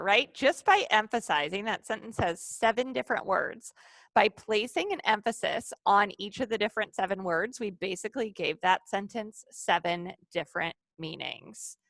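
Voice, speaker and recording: A woman's voice: mid-range voice, a bit bright, no room sound. A woman leading a live online training session over a video call, upbeat and coaxing the participants.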